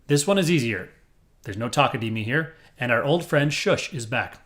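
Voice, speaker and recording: A man's voice: mid-range voice, expressive, moderate pace, fairly bright tone. Upbeat corny music teacher man. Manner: upbeat, self-described corny, encouraging. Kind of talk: rhythm lesson with counting aloud. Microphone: headphones on.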